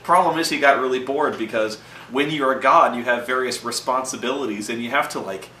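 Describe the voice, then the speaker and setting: A man's voice: mid-range voice, brisk, pushed and bright, a little hiss or hum. A man hosting a show, telling gaming stories in a rambling, profane, casual monologue and acting out the lines he quotes. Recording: roomy echo from a distant mic.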